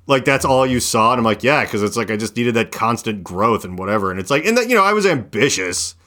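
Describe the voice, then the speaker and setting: Male podcast host, 30s, lowish voice, loose rambling storyteller full of fillers. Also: expressive, quick pace, pushed and bright. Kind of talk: casual chat.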